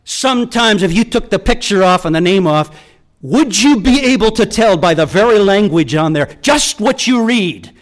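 A man's voice: sits high, animated, moderate pace. A middle-aged man preaching a sermon, telling stories and acting out the people in them with big swings in emphasis. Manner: storytelling with quoted voices and wide swings in emphasis.

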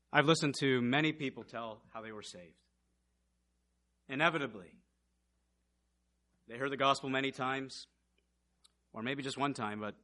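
A man preaching a sermon, swinging from loud passionate outbursts to hushed, intense storytelling. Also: fairly high pitch.

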